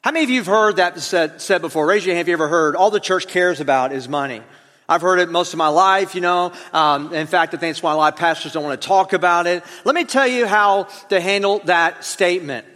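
A man's voice: high-pitched, fairly quick, pushed and bright. A man preaching a sermon in a church, talking conversationally and drawing the congregation into call and response. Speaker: pastor. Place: church auditorium. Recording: long hall reverb.

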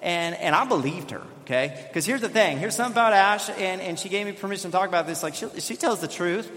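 High-voiced pastor preaching in a reverberant sanctuary. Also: male voice, fast. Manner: storytelling, self-deprecating, animated. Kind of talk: sermon. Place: church sanctuary. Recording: long hall reverb.

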